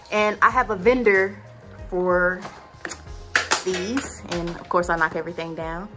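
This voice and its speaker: A woman's voice: a little high, a bit bright. A young adult woman giving a casual tour of her spa treatment room, listing items in a chatty way with lots of "like" and "um". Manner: chatty, filler-heavy listing with many "like" and "um". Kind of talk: casual walkthrough vlog.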